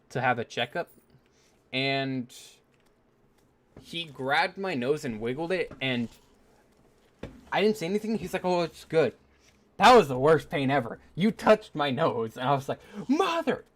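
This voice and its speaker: A man's voice: mid-range voice, animated, moderate pace, pauses often, a bit bright. A man hosting a gaming video, telling a story in a casual, rambling way, with many fillers and self-mocking asides. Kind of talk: casual storytelling while playing.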